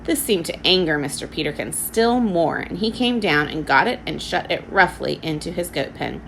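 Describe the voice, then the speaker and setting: A woman teacher reads a children's storybook aloud with expressive narration. Her low voice carries a gravelly edge and a lively, rising-and-falling melody. Faint noise runs under the reading. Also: normal speed, low-quality recording.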